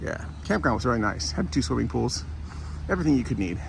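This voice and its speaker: A man's voice: medium pitch, big pitch swings, fast talker, vocal fry, slight background noise. A man rambling casually to his camera as he walks outdoors past a port and a factory, correcting himself as he goes. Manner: rambling, chatty, self-correcting. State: sore foot while walking. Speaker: vlogger walking a pilgrimage route. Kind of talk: casual walking vlog. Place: outdoors by a port and industrial road.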